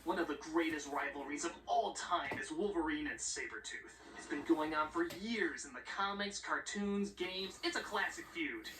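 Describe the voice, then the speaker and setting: A man narrating a comedic film review in a sarcastic, exaggerated manner, with sudden loud outbursts. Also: fairly high pitch, moderate pace, hardly any pauses. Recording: roomy, distant, noisy playback through speakers.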